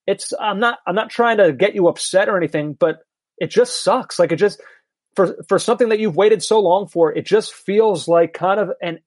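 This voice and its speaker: Teasing high-voiced male podcast host. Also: no room sound. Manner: teasing, animated, halting restarts. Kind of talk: casual podcast chat.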